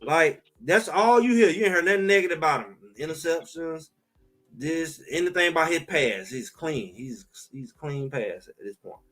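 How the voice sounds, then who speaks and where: A man co-hosting a sports talk show in casual, emphatic chat, trash-talking and animated. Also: fairly high pitch, moderate pace, soft background music.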